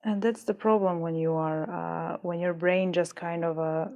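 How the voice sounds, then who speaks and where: A woman's voice: lowish voice, fairly even intonation, moderate pace, creaky, a little mellow, dull audio. A woman streaming live while she works on beadwork, muttering and rambling in frustration and swearing now and then. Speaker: livestreamer making beadwork. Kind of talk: casual livestream chat while crafting.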